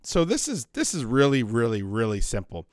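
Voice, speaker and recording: A man's voice: medium pitch, moderate pace, dry recording, clean studio sound. A man hosting a podcast from his basement, rambling bluntly and swearing in a casual monologue. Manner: rambling, blunt, profane, animated. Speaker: podcast host. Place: home basement.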